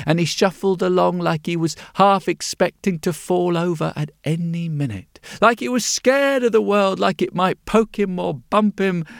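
A male storyteller reading a fairy tale gently and very slowly. His slightly high voice has a gravelly edge, and the recording is close and dry. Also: dry recording. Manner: gentle, unhurried, repeats words for effect. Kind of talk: bedtime-story narration.

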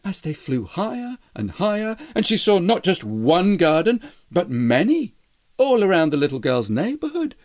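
A storyteller reading a children's tale in a gentle, expressive way. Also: mid-range voice, moderate pace, no room sound, clean studio sound. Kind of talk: bedtime story narration.

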